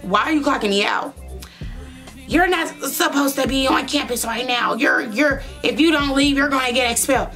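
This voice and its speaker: Woman doing a flustered school official, high and stammering. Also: moderate pace, fairly bright tone, soft background music.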